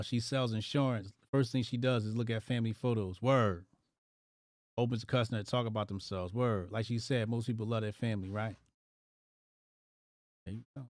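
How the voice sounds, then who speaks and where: A man's voice: mid-range voice, no room sound, clean studio sound. A man hosting a casual live stream, reacting aloud to headlines in loose slang. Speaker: livestream host.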